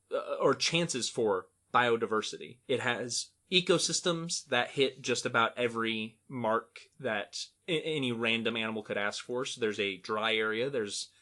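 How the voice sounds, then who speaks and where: Bright-voiced man co-hosting a chatty podcast. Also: mid-range voice. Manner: chatty, laughs easily, drawn-out pauses. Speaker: podcast co-host. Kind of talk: casual science podcast chat.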